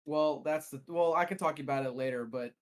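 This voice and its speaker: Male co-host, a touch high-pitched, meandering storyteller in loose chat. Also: fairly quick. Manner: rambling storyteller, restarts often. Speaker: podcast co-host. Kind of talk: casual chat.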